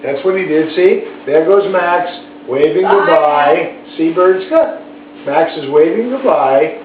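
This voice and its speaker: Gentle man slowly reading a storybook aloud. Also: a little high, expressive. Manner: gentle, chatty, asides to a pet. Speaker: storybook reader to a pet bird. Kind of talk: reading a picture book aloud. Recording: tinny, echoey, from far off, faint hiss.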